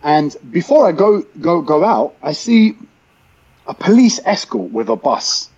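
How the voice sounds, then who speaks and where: A man with a London accent, hosting a podcast as a chatty, animated storyteller who talks casually with lots of fillers. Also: fairly high pitch, measured pace, slightly rough, muffled recording. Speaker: podcast host. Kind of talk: casual chat.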